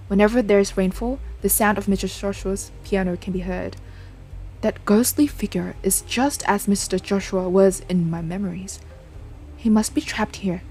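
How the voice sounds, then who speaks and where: A woman's voice: mid-range voice, a little mellow, natural voice. A woman reading aloud the lines of a grieving young woman haunted by a ghost in a game, in an earnest, pleading way.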